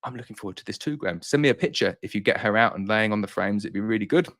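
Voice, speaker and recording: A man's voice: lowish voice, racing, fairly bright tone. A man who runs a beekeeping business, answering viewer questions in a casual live-stream chat, slightly out of breath and reassuring in manner. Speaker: beekeeper and honey business owner hosting a live Q&A.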